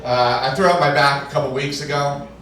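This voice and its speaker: A man performs stand-up in a club, spinning stories casually and hitting punchlines hard. His voice sits a little high and is heard from some distance off the mic. The room rings with heavy echo and a crowd laughs along. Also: steady tone, a little fast. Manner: conversational storytelling, shouts punchlines. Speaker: stand-up comedian. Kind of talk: stand-up comedy set. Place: comedy club stage before a live audience. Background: audience laughing.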